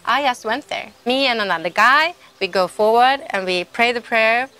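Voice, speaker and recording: A woman's voice: a little high, pushed and bright, clean tone. Woman giving a heartfelt testimony. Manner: emotional, halting, with frequent restarts. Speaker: testimony speaker. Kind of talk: personal faith testimony.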